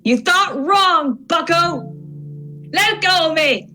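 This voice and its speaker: A woman's voice: very high voice, expressive, slow, soft background music, voice pushed up, heavily acted. A woman voicing a defiant, combative young man in a tabletop role-play. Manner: loud, combative, mouthy.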